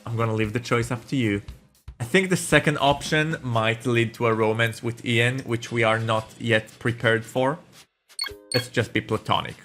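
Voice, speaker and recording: Let's-play host, man, jokey asides, soft music behind. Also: mid-range voice, steady tone, normal speed. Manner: joking, chatty aside. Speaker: gaming channel host.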